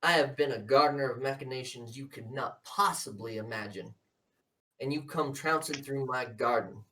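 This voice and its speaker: A man voices a cold, scheming older politician father who lectures his son with quiet menace and talks down to him at every turn. The voice sits at an ordinary middle pitch and comes from a little distance off the microphone. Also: moderate pace, lightly acted. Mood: scolding.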